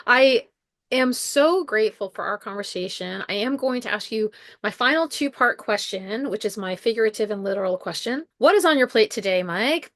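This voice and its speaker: A woman hosting a podcast interview about food and wellness, speaking with enthusiasm and laughing easily. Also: a little high. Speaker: podcast host, nutrition professional. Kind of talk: casual conversational interview.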